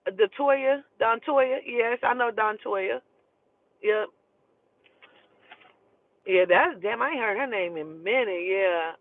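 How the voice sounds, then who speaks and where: A woman's voice: on the high side, slow, long pauses, dry recording. A woman telling a personal story in casual talk, blunt, profane and emotional. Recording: tinny phone-like dry sound.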